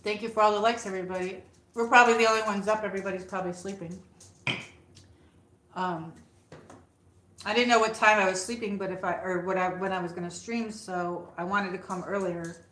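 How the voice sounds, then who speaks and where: A woman's voice: medium pitch, steady tone, brisk, fairly bright tone, roomy sound, low-quality recording. A woman hosting a casual livestream from her home, chatting with viewers and coaxing her dog. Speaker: livestream host. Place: room at home.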